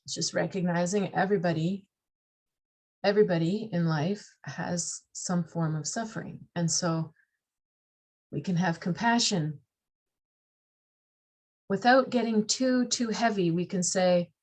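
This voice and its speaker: A woman's voice: lowish voice, a little slow, pauses often, darkish tone. A woman explaining astrology in a casual talk, acting out the voices of the signs and laughing at herself.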